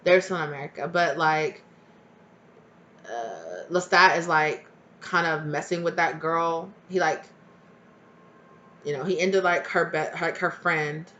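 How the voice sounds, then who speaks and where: A woman's voice: deep voice, measured pace, pauses often, sharp tone, highs cut off, a little hiss or hum. A woman giving a casual tarot reading to her viewers, chatty and blunt, swearing freely and rambling as she goes. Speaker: tarot reader.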